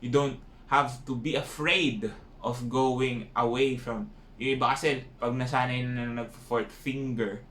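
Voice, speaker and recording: A man's voice: mid-range voice, fairly even intonation, a little slow, fairly bright tone. A man with a Filipino accent giving a casual violin lesson, often ending points with tag questions. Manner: mixes English and Filipino, frequent tag questions. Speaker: violin teacher. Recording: echoey room with faint noise.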